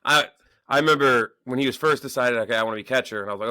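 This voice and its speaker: Thirties male podcast co-host, bright and dry, exasperated storyteller, swears a lot. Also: mid-range voice, rapid-fire, no echo. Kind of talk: casual chat.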